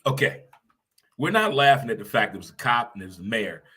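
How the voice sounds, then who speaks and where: Animated husky-voiced man hosting a talk show. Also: medium pitch, fairly quick. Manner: animated, laughs loudly, swears casually. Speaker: show host. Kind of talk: casual morning talk show.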